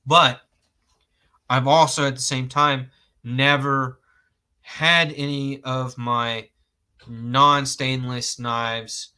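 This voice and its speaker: A man's voice: mid-range voice, flat delivery, drawn-out words, long pauses, bright, forceful tone, clear, resonant tone. A man from Georgia, hosting a casual gear review in a rambling, self-correcting way, laughing at his own jokes and cursing mildly. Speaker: host reviewing outdoor knives.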